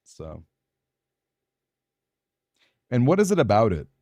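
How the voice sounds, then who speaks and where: A man's voice: mid-range voice, huge pitch swings, takes it slowly, darkish tone, no echo. A man with a Southern Californian accent, chatting in a rambling, casual way with his live-stream audience while he plays a game. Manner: chatty, rambling, answers chat aloud.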